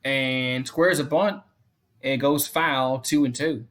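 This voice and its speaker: A man hosting a fan live stream, giving casual play-by-play commentary, repeating the count and score often and chatting to viewers between pitches. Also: fairly even intonation, takes it slowly, a bit bright.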